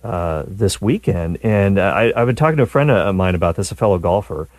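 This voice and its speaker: A middle-aged man hosts a radio talk show, thinking out loud with plenty of restarts and self-deprecating asides. His voice sits low but swings up and down with lively animation. It comes through close and dry on a studio mic. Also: fairly quick, dry recording. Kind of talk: casual talk radio monologue.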